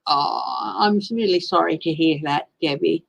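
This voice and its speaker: A woman's voice: low voice, lively intonation, a little slow, vocal fry, rough recording. A woman with an Australian accent doing a casual live-stream tarot reading, chatting and greeting viewers by name. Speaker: tarot reader.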